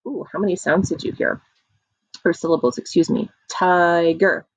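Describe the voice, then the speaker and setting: A woman teacher leading an online early-reading lesson, encouraging the children and stretching words out slowly so they can clap the syllables. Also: lowish voice, animated, slightly rough, no room sound, poor audio. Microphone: computer mic.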